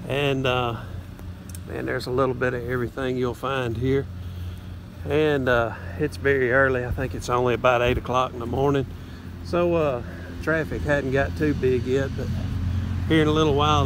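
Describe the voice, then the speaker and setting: A man with a Southern US accent vlogging outdoors, chatting in a folksy, drawling way with plenty of fillers. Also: fairly high pitch. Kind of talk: casual vlog narration. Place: outdoors by a road. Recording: faint outdoor traffic noise. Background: faint traffic and outdoor noise.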